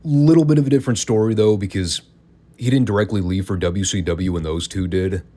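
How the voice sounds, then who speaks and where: A man with a notably deep, low voice hosts a casual podcast review. He talks in an opinionated, sarcastic way, tossing in wry asides as he goes. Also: a little fast, dark tone. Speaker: podcast host. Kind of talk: casual wrestling review commentary.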